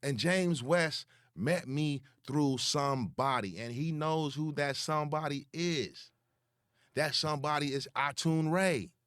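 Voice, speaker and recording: A young man delivers a slow, profane call-out rant, repeating words to hammer his points home. His voice sits a little high for a man. The sound is dry and close, with no room around it. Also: fairly bright tone, smooth, no room sound. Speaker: online commentator.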